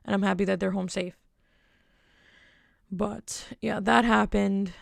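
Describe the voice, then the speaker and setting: Gravelly-voiced woman telling a rambling story. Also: medium pitch, steady tone, takes it slowly, no room sound, studio quality. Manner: rambling, digressive, with wry asides. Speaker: podcast host. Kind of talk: casual storytelling monologue.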